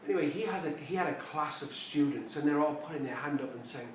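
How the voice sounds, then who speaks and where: A man's voice: fairly high pitch, fast talker, hardly any pauses, far from the mic, slight background noise. Man giving a reflective talk in an echoey room. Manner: storytelling, emphatic repetitions. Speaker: personal development speaker. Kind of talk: reflective spoken talk to camera.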